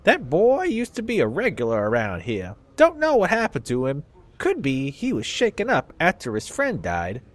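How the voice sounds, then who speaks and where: A sharp-tongued old barfly drawls his gossip in a thin, raised Southern voice, as a man puts him on. His pitch leaps and dips all over while he sneers at everyone he names. It sounds like a homemade game reading. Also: huge pitch swings, moderate pace. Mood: gossipy. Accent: Southern US, put on. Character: crusty old male bar regular, gossipy, scornful.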